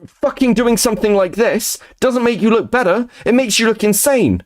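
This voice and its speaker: A man's voice: high-pitched, animated, normal speed. A man streaming live, ranting casually and profanely about online drama.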